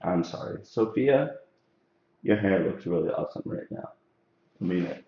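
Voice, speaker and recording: A man's voice: low voice, animated, moderate pace, vocal fry. A man hosting a live hair-cutting show, chatting casually and jokingly in a salon classroom, recorded on a camera mic. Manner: joking, filler-heavy, talks to the chat. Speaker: hairstylist and show host. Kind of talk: casual chat during a live tutorial. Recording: echoey room, dull sound.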